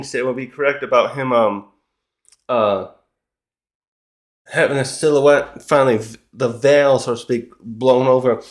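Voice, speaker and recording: A man giving a casual recap commentary of a comic chapter, rambling and often correcting himself. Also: medium pitch. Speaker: manga chapter reviewer.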